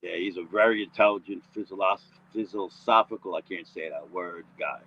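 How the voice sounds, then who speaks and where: A man's voice: deep voice, a little fast, lo-fi sound. A man rambling through a casual livestream chat, often tagging on "you know what I mean".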